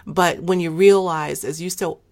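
A woman hosts an interview with a low, full voice. She talks emphatically, speeding up in bursts, and laughs often as she talks with her guest. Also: steady tone, moderate pace, darkish tone. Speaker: interview host. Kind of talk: enthusiastic interview chat.

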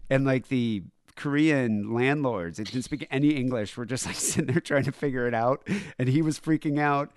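A man's voice: mid-range voice, normal speed, hardly any pauses, clean tone, no echo. A man hosting a podcast in casual chat, rambling with lots of fillers and laughs. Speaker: podcast host.

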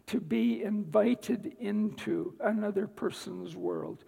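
A man giving a guest talk at church, telling a personal story in an unhurried way with dry asides. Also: sits high, vocal fry, warm tone, husky, in a large hall, poor audio. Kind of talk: sermon-style personal testimony. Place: church sanctuary.

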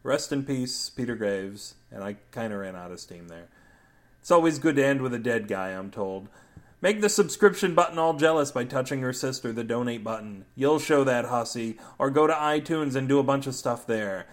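On his own podcast, a man with an animated, mid-range voice narrates a comic story at normal speed. He tosses off silly asides and absurd wordplay between scenes, keeping his delivery playful and loose.

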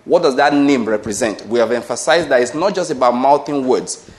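A man's voice: mid-range voice, a little fast. Emphatic male preacher. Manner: emphatic, repeats key words, asks the listeners questions. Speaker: pastor. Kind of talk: sermon.

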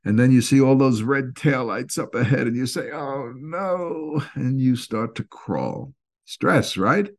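Husky-voiced man with a Northeastern US accent. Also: medium pitch, a little slow. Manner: animated, acts out little quoted scenes. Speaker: speaker explaining stress and anxiety. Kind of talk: informal lecture.

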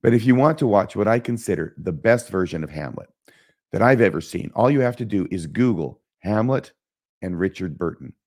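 A man hosting an educational podcast on Shakespeare, speaking in a measured way and reciting quoted lines slowly and solemnly. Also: fairly low pitch, expressive, darkish tone. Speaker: podcast host teaching Shakespeare. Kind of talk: scripted educational podcast narration.

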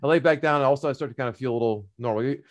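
A man's voice: medium pitch, rapid-fire. A middle-aged man casually telling a long personal story, rambling with many fillers and restarts.

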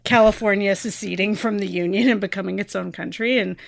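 A woman's voice: medium pitch, fairly even intonation, a little fast, gravelly, no room sound. A woman co-hosting a podcast, chatting casually in a rambling way, with lots of fillers and sentences that trail off. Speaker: podcast co-host.

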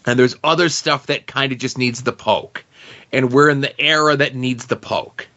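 A man's voice: mid-range voice, normal speed, sharp tone. Reflective podcast man, muffled audio. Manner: thinks aloud, repeating himself in reflective asides. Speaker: podcast co-host. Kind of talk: casual podcast discussion.

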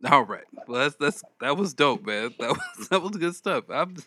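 Bright, lively man laughing along. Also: fairly high pitch, moderate pace, a little hiss or hum. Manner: lively reactions, frequent laughter. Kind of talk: casual chat.

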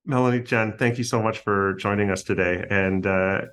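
A man hosting a podcast who wraps up the show haltingly, then reads a scripted outro. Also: lowish voice, steady tone, a bit bright, clear, resonant tone. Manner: halting, hesitant wrap-up, then a read-out outro. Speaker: podcast host. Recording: music bed behind.

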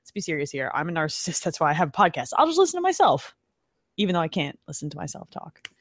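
A woman in her thirties hosting a podcast live stream, chatting casually, talking fast and excitably with frequent laughs. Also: low voice, no echo. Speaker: podcast host.

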